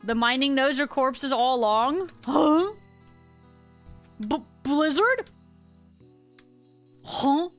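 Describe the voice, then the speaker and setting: A woman's voice: high-pitched, extremely slow, pauses often, soft background music. A woman in her thirties, a little tipsy, chatting playfully with her viewers while livestreaming a game, giggling often. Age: 30s. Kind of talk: casual gaming livestream chat.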